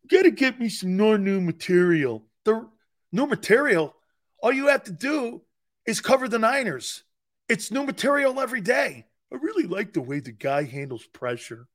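A male sports talk show host bantering with live chat, teasing and sarcastic, laughing often and repeating himself. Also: high voice. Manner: animated, repeats words and restarts.

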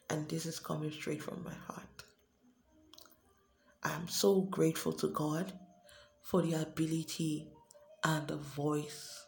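A woman talks slowly and earnestly on her devotional podcast, her voice low and warm. She often repeats herself, and the room is echoey with faint music underneath. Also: vocal fry. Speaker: podcast host. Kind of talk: unscripted devotional podcast talk.

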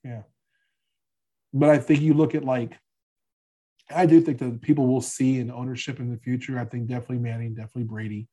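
A man's voice: medium pitch, level tone, a little fast, pauses often, warm tone, slightly rough. A middle-aged man co-hosting a casual sports podcast, chatty and joking, often trailing off and restarting. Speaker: podcast co-host.

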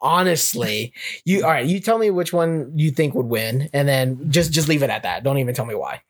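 A young man co-hosting a casual gaming podcast, his voice sitting at an ordinary middle pitch. He talks in a laid-back way, full of ums and likes, and laughs easily. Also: expressive, moderate pace. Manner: laid-back, laughs often, many fillers. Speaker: podcast co-host.

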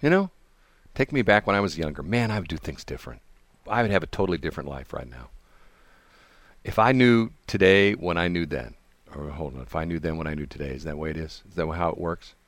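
A man's voice: a bass voice, animated, fast talker, no room sound. A man hosting a radio show, chatting casually in a studio, rambling with many restarts and asides. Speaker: radio host. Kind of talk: casual on-air banter.

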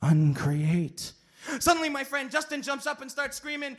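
A man performing a comic slam poem at a live poetry venue on a stage microphone, animated and swinging between shouts and hushed lines. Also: very high voice, normal speed. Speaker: slam poet.

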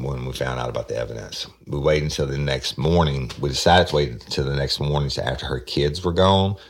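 Detective, very deep gravelly voice, blunt, profane storyteller. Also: male voice. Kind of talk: casual storytelling.

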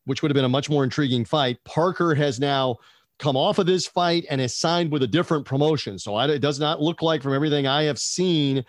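Chatty man, slightly high, dry sound. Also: fairly quick, no room sound. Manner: chatty, digressive, asks co-host questions. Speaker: podcast co-host. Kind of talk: casual boxing chat.

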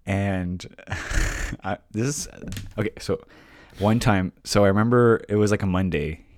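A man's voice: lowish voice, fairly even intonation, a little slow, a little mellow. A young man co-hosting a podcast, telling a story in casual chat with lots of fillers, restarts and asides. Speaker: podcast co-host.

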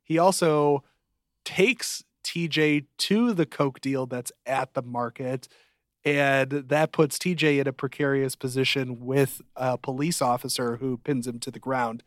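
A man's voice: medium pitch, steady tone, measured pace, no echo, studio quality. A man co-hosting a podcast, chatting casually and jokingly about a TV show, his voice jumping up when he gets emphatic. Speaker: podcast co-host. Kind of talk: casual chat reviewing a TV show.

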